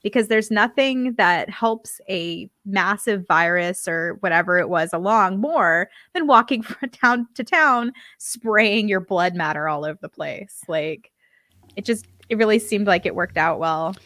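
A woman's voice: medium pitch, unhurried, sharp tone, no echo. A woman co-hosting a casual podcast chat, chatty and playful, laughing as she talks. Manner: chatty, laughs while talking, playful asides. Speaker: co-host.

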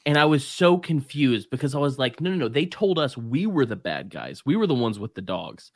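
A man's voice: mid-range voice, very animated, fairly quick, no room sound, studio quality. A man from Alabama, a comedian guest on a podcast, telling stories in a blunt, profane, casual way. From Alabama, USA. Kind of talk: casual chat.

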